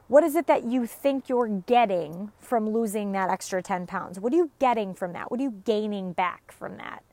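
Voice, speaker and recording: A woman's voice: medium pitch, normal speed, warm tone, no room sound. A woman in her thirties, a fitness coach and mother, giving an earnest, emphatic motivational talk to viewers, repeating phrases for effect.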